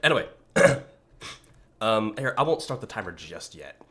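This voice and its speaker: A young man streaming a video game in a relaxed, rambling way, with a groggy morning voice, often clearing his throat. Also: lowish voice, a little slow. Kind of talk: casual live-stream chat.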